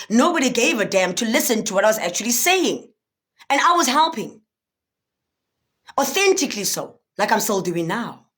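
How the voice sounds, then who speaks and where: Animated woman, spiritual speaker. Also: on the high side. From South Africa. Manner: animated, preachy, often asks if listeners understand. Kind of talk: livestream talk with viewers.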